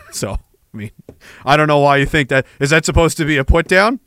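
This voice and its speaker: A man's voice: a little high, normal speed, a bit bright, no echo, studio quality. A man hosting a podcast, chatting casually and reading viewer comments, profane and joking. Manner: profane, joking, slips into put-on accents. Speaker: podcast host. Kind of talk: casual livestream talk reading chat.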